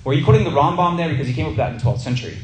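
A man's voice: fairly high pitch, lively intonation. Man teaching in an echoey room. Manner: conversational, stretches key words slowly for emphasis. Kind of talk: sermon-style teaching with a personal story.

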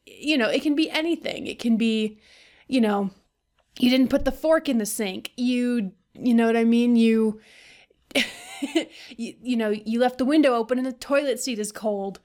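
Woman vlogger, slightly high voice, blunt and foul-mouthed, rambling casual rant. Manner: blunt, profane, rambling with fillers.

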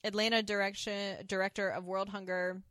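A woman co-hosting a casual podcast, recapping an episode in an animated way and slipping into playful character voices. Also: mid-range voice, normal speed, no echo. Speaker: podcast co-host.

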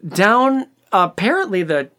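A podcast co-host giving casual movie commentary in a sarcastic, profane and animated way. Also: mid-range voice, slow.

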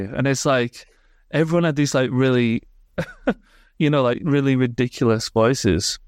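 A man's voice: medium pitch, normal speed, smooth, no room sound, studio quality. Chatty man, rambling. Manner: rambling, full of likes and laughs. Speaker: podcast co-host. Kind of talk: casual chat.

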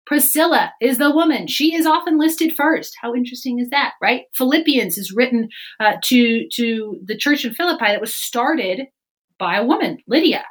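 A woman on a faith podcast, talking fast and animated and acting out the voices she quotes. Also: on the high side, breathy edge, low-quality recording. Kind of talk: casual faith podcast chat.

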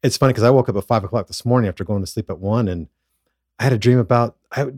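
A man's voice: fairly low pitch, fast talker, dark tone, dry recording, studio quality. A man co-hosting a podcast who once worked as a school principal, speaking thoughtfully and often restarting his sentences. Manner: thoughtful, with frequent repeated starts. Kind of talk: casual chat.

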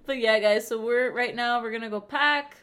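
An animated young woman co-hosts a casual podcast with her best friend. Her voice is a touch high, and she talks playfully, slipping into little voices to act out stories. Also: moderate pace. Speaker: podcast co-host.

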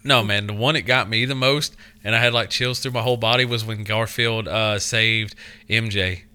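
A man's voice: fairly low pitch, fairly even intonation, moderate pace, sharp tone, smooth. A man co-hosting a podcast, chatting casually, swearing and acting out the lines of people in his stories. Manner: profane storyteller, acts out quotes. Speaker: podcast co-host. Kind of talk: casual chat.

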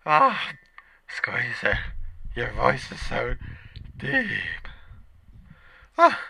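Campy lunch lady, put on by a man, middle-aged and flirty, with a bright, sharp tone and a lively sing-song pitch. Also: dry recording, exaggerated voice. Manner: campy, suggestive, drawn-out teasing. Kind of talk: comedic character bit.

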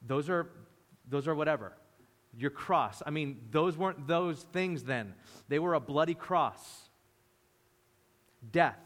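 A man preaching a lively sermon, often acting out the voices of the people in the story. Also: on the high side, slow, long pauses. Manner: animated, acts out voices of disciples. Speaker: pastor. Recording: reverberant hall.

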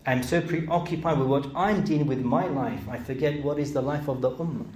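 A man's voice: on the high side, fairly quick, darkish tone, echoey room, a little hiss or hum. A middle-aged man with a British accent giving a sermon, asking earnest rhetorical questions and pressing to emphatic peaks. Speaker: speaker.

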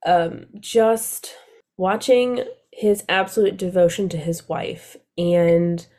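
A woman's voice: lowish voice, slow pace, dark tone. Laughing woman gushing about books. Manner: laughs often, gushing and playful. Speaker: podcast co-host. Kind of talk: casual book chat.

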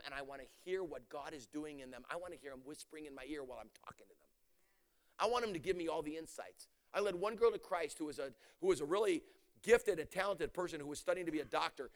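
A middle-aged male preacher tells his stories at a rapid clip, in a voice set a little higher than most men's. He swings from loud, excited exclamations down to hushed, intense near-whispers. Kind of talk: sermon storytelling.

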